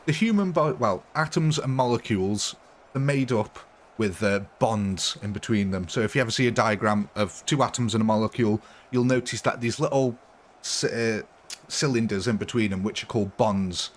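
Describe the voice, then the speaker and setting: A man's voice: on the low side, moderate pace. A man casually chatting with viewers during a live stream, rambling and laughing often.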